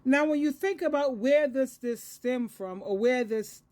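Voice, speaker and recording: High-voiced woman in her sixties lecturing earnestly. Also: unhurried, darkish tone. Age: 60s. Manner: earnest and lecturing, repeats phrases for emphasis. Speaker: advice coach and Christian counselor. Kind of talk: solo advice monologue.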